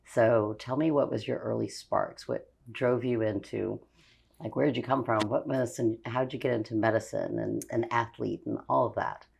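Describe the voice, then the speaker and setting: A woman's voice: very deep voice, steady tone, moderate pace, vocal fry, a little mellow, breathy edge. A woman hosting a podcast interview, gushing and enthusiastic, with lots of filler words. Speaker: podcast host. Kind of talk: casual interview chat.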